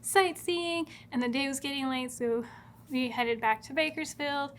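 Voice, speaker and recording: A young woman with a high, light voice tells her love story in a studio. She is bubbly and giggly and jumps into quoting herself and her partner as she goes. The talk is casual and chatty throughout. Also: measured pace. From California. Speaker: bride-to-be telling their love story. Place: video studio.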